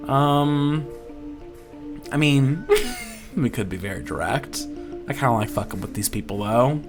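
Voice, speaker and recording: A man's voice: lowish voice, huge pitch swings, takes it slowly, long pauses. A man doing let's play commentary, reading game text aloud, chatty and laughing often. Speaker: gaming YouTuber. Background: game music.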